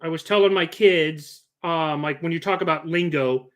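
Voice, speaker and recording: A man's voice: on the high side, moderate pace. A middle-aged man chatting casually on a live stream, rambling and joking with frequent restarts.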